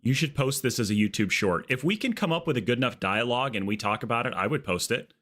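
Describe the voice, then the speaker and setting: A man's voice: medium pitch, fast talker. A man streaming a game live, chatting casually and riffing jokes with his chat. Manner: jokey, riffing excitedly with chat.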